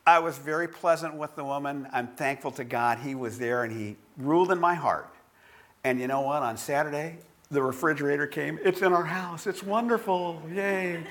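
A male pastor preaching a sermon that tells a personal story in an animated way and closes in a hushed prayer. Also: fairly high pitch, moderate pace.

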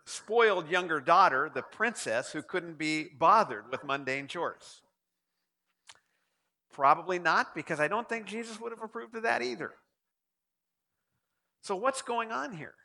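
A man's voice: sits high, unhurried, sharp tone. A male pastor preaching a sermon and putting rhetorical questions to his listeners.

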